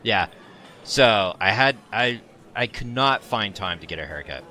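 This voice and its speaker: Bright-voiced man telling a story. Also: on the low side, a little slow, slight background noise. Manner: animated, laughing storyteller. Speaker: podcast co-host. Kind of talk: casual storytelling chat.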